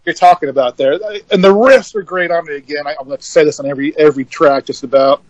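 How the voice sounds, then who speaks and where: An easygoing man chats on a podcast, pausing and hedging as he talks. His voice sits a bit high for a man, recorded close and dry. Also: no echo, lo-fi sound. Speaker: podcast co-host. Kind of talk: casual chat about metal albums.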